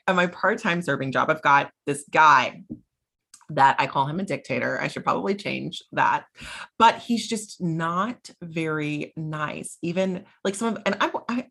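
A young woman hosting a podcast, who chats in an animated way and uses many filler words as she asks her guest questions. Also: low-pitched, husky. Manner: animated, chatty, frequent "like" fillers. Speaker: podcast host. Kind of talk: casual interview chat.

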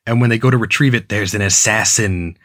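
A man's voice: lowish voice, a little fast, fairly bright tone, no room sound, clean studio sound. Sarcastic man recapping a show. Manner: sarcastic, laughs while recapping. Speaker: podcast co-host. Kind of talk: casual chat recapping a TV episode.

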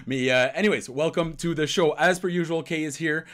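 A man's voice: on the high side, brisk, a bit bright. A male host chatting on a live hockey podcast, easygoing and rambling. He drifts into French now and then before catching himself and carrying on. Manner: rambling, switches between English and French. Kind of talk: casual hockey podcast livestream chat.

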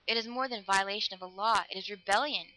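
A woman reading an otherworldly young woman in love, soft and tender, sometimes whispering. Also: mid-range voice, fast, lightly acted, rough recording. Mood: fearful.

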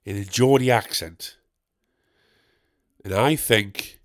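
This podcast host has a fairly low, slightly bright voice and takes it slowly, pausing often. He tells a wandering, funny story full of profanity, asking himself questions and answering them in turn.

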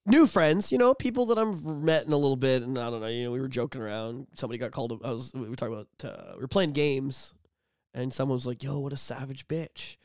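A man co-hosting a podcast in casual chat, animated, swearing freely and laughing often. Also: medium pitch, fast, clean tone, dry recording, studio quality. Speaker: podcast co-host.

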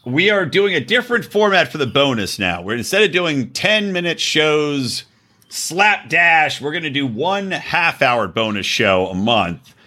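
A man hosting a podcast, telling a story in casual chat, animated and laughing often. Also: measured pace. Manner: animated, laughing, jumps into high exclaims. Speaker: podcast host.

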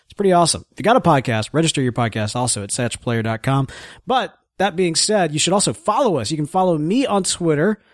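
Man, podcast co-host, animated, joking, dry mic. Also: fairly high pitch, fast, no room sound. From American South. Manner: animated, joking, reads show plugs. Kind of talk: casual chat.

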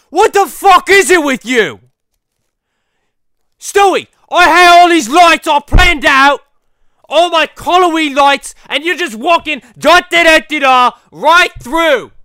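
A man impersonating a furious male movie star who shouts, swears and repeats himself over and over. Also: extremely high pitch, pitched above the performer's own voice, full character voice.

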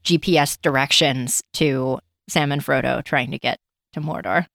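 A woman's voice: a bass voice, fairly even intonation, moderate pace, creaky, fairly bright tone, no room sound, studio quality. A woman co-hosting a podcast in casual chat, joking around and laughing often. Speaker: podcast co-host.

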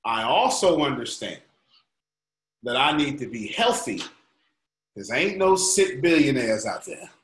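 A man's voice: medium pitch, very animated, a little slow, long pauses, roomy sound, rough recording. A man coaching a group call, preaching his points in an emphatic, colloquial way. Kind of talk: motivational teaching on a call.

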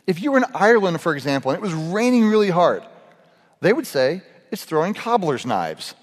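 A man's voice: high-pitched, sing-song, a little fast. Man preaching in an echoey hall. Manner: casual, storytelling with humor. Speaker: pastor. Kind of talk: sermon.

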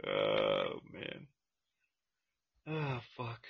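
A man's voice: very deep voice, wildly swooping pitch, extremely slow, vocal fry, lo-fi sound. A man co-hosting a podcast, bantering crudely, swearing and laughing often as he throws out ideas. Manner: profane, laughs often, brainstorms aloud. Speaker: podcast co-host.

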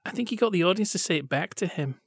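Nerdy, lively man, slightly high voice. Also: slightly rough, no room sound, studio quality. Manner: enthusiastic, nerdy, quick to laugh. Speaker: podcast co-host. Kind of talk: casual chat about old television.

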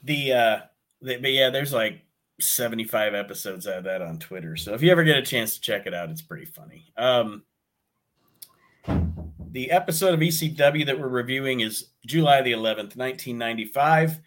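Brief: relaxed male podcast host, mid pitch, loose delivery. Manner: easygoing, chuckling, halting with fillers. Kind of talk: casual chat.

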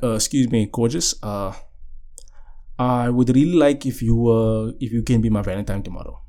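A man's voice: mid-range voice, a little mellow. A young man hosting a podcast, telling a personal story in casual chat, often asking "you know what I'm saying". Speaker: podcast host. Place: indoors, seated.

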